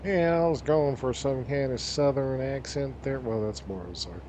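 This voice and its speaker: A man's voice: medium pitch, darkish tone. Chatty male streamer over game noise. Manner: chatty, quick asides. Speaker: streamer host. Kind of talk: casual gaming chat. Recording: game sounds under voice.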